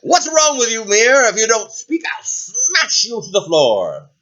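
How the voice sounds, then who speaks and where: A man's voice: on the high side, wildly swooping pitch, unhurried, fairly bright tone, muffled recording, voice pushed up, full character voice. A man voicing a vain, wicked witch queen in a children's story, shrieking when angry. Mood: furious.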